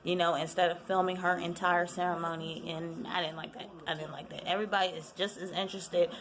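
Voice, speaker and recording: Woman rambling through a reality tv recap, slangy, animated, talking like she's gossiping with a friend. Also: on the low side, fairly quick, a crowd in the background. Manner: chatty, animated retelling with quoted voices; lively, slangy storytelling. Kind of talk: casual chat.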